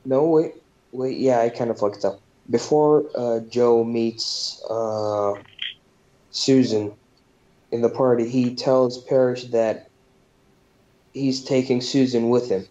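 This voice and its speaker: A man recaps a movie's plot at an unhurried, drawn-out pace, loose and profane, with plenty of ums and uhs. His voice is dark and mellow, and the recording sounds dull and lo-fi. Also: medium pitch, steady tone. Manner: loose and profane, with frequent fillers. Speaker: podcast host.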